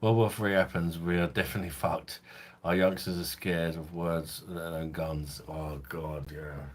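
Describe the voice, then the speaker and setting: A middle-aged man with a London accent softened by years in Kent, hosting a casual live stream and answering viewers by name with swearing and frequent laughs. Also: fairly even intonation, moderate pace, slight background noise. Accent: London English, softened by years in Kent. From London, England. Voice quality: husky deep voice. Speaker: host of a beer review channel livestream.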